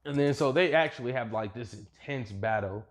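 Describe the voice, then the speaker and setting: A man's voice: mid-range voice, moderate pace. A young adult man casually retelling a fan what-if story, rambling, profane and full of slang.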